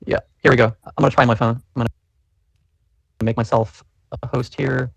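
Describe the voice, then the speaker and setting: A man's voice: mid-range voice, little pitch movement, brisk, creaky, breathy edge, no room sound, highs cut off. A man hosting a casual live audio chat, loose and chatty with lots of fillers. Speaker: podcast host.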